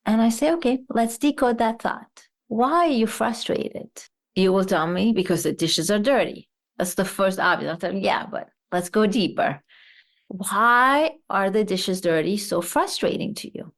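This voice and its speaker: A woman's voice: mid-range voice, unhurried. A woman psychologist, a guest on an interview show, explaining her ideas through worked examples and rhetorical questions.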